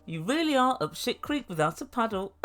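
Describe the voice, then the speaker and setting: A woman's voice: fairly high pitch, a bit bright. A woman giving a sarcastic, swear-filled recap of a reality show, laughing at her own jokes. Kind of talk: casual commentary recap.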